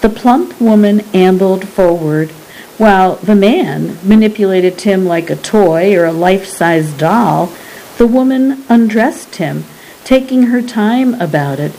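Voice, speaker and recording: A woman reading a story aloud as narrator, in a measured, deliberate way. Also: mid-range voice, dark tone, low-quality recording. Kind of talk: scripted audiobook narration.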